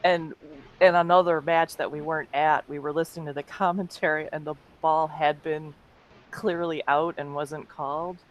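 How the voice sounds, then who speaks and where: Woman, fairly low voice, chatty storyteller, laughs a lot, casual co-host. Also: steady tone, moderate pace. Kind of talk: casual comedic chat.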